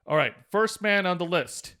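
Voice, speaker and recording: Slightly high-voiced podcast co-host. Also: male voice, moderate pace, smooth. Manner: relaxed, reads news notes aloud. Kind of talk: casual chat.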